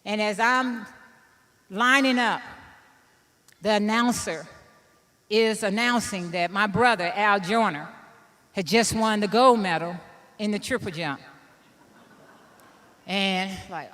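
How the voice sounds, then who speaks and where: A woman in her fifties from Illinois giving a keynote speech, telling a personal story in an animated way and laughing at herself. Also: medium pitch, slow pace, long pauses, long reverb tail. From Illinois, USA. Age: 50s. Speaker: keynote speaker.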